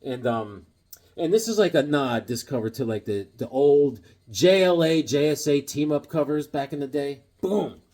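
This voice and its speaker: A man showing off his comic book collection in a casual, jokey vlog, with sudden loud exclamations. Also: fairly high pitch, animated, moderate pace. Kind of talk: casual show-and-tell vlog.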